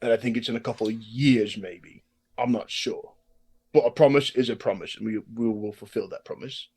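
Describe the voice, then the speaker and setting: A man's voice: mid-range voice, steady tone, normal speed, a little mellow, breathy edge. A man playing a tabletop game, giving a rambling, casual recap full of filler words. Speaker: player.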